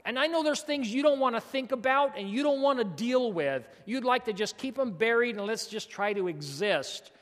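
A man's voice: very high-pitched, lively intonation, normal speed, few pauses, fairly bright tone, long reverb tail. A male pastor, preaching a folksy, emphatic sermon with lots of repetition.

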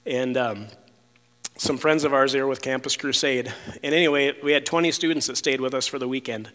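A man's voice: medium pitch, steady tone, brisk, fairly bright tone. Man telling a testimony, rambling, echoey hall. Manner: rambling, repeats words, many fillers and restarts. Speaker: storyteller sharing a testimony. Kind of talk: casual spoken testimony.

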